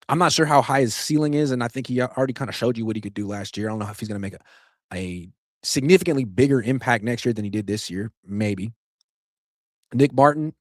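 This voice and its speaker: Animated sarcastic man, dry close mic. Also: mid-range voice, no room sound. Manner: animated, sarcastic, swings loud for emphasis. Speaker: sports podcast host. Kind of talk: opinionated solo sports commentary.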